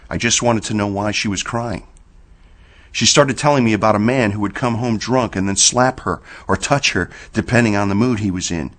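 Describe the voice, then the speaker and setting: A man reading a horror story aloud in a slow, measured storytelling manner. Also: lowish voice, fairly bright tone. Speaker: narrator. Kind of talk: scripted horror narration.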